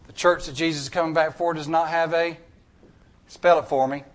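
Preacher, male, high voice, emphatic sermon delivery with folksy humor. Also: steady tone, brisk. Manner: emphatic, repetitive, with folksy jokes. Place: church.

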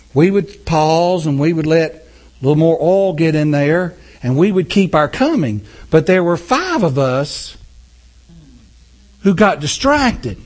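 A man preaching a sermon as pastor in his church, his voice pitched high. He swings widely up and down with passion and calls out to the congregation as he goes. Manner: impassioned, talks with the congregation.

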